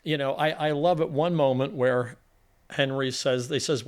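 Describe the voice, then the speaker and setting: An older man co-hosting a casual movie review chat, animated and acting out quoted lines with emphasis. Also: mid-range voice, moderate pace. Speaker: co-host of a movie review show.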